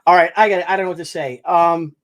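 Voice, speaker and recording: A man talking casually to camera in an unboxing video, halting and effusive, with many restarts and fillers. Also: a little high, steady tone, slight background noise. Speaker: vlogger unboxing a gift. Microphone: camera mic.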